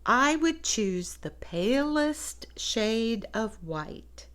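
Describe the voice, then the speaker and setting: A woman voicing a cheerful young pig who wishes to be like his friend, reading slowly from a picture book. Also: a little high, animated, fairly bright tone, clean tone, exaggerated voice. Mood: wistful. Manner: slow, drawn-out storybook reading. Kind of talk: picture book read-aloud.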